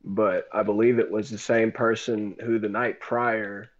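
A man's voice: lowish voice, measured pace, highs cut off. A young man casually telling a rambling, profane story on a group voice call. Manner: profane, rambling, animated retelling.

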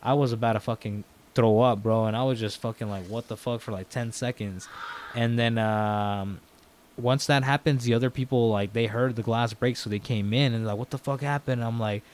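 A man's voice: medium pitch, normal speed, slight background noise. A young man, a podcast guest, telling a story in casual talk, swearing a lot and acting out what people said. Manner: animated, heavy swearing, acts out quoted dialogue.

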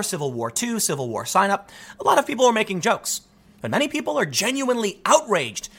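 A man delivering solo political commentary, talking in rapid bursts with frequent restarts. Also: sits high. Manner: animated, rapid-fire talk with frequent restarts.

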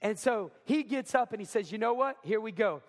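A man's voice: sits high, lively intonation, fairly quick. A man preaching a sermon as pastor, talking conversationally, often asking the congregation questions and acting out quotes. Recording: hall reverb.

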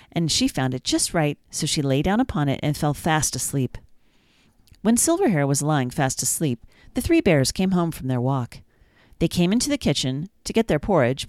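Storytime host: woman reading a storybook aloud, low and gentle. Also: dry recording, studio quality.

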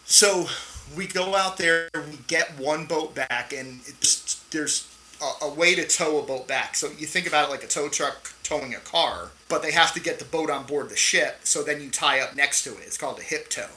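Middle-aged male Navy veteran guest, bright and forceful, animated storyteller who swears casually, faint noise behind. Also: fairly high pitch, normal speed, poor audio.

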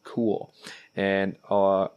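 Blunt low-voiced podcast man. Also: completely flat delivery, drawn-out words, clear, resonant tone, phone-quality sound. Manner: blunt, outspoken, filler-heavy. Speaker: podcast co-host. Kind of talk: casual podcast banter.

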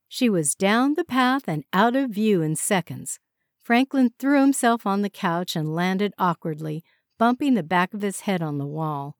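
A woman narrating a story in a steady, expressive audiobook style. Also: mid-range voice, moderate pace, dry recording, studio quality.

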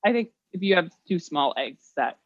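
Low-voiced woman co-hosting a cooking podcast. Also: lively intonation, normal speed, no room sound, highs cut off. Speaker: podcast co-host. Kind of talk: casual chat while cooking.

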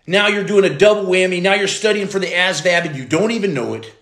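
A man's voice: high voice, fast, fairly bright tone, reverberant. A man hosting a motivational livestream, greeting viewers and reading their comments aloud. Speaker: podcast host, former Navy SEAL.

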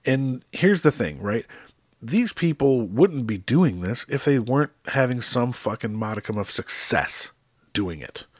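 A man's voice: medium pitch, expressive, unhurried, no room sound, studio quality. A man telling stories in a casual, profane rant, acting out quotes with exasperation. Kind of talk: casual ranting monologue.

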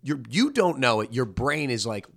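Animated rambling man chatting. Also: medium pitch, moderate pace, creaky, a crowd in the background. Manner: rambling, restarts, animated joking. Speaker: podcast co-host. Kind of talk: casual movie review chat.

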